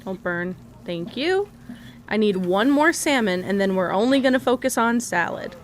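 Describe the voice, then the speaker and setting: A woman's voice: mid-range voice, lively intonation, normal speed, slight background noise. A young woman streaming a video game, chatting casually with her viewers, laughing often and swearing freely.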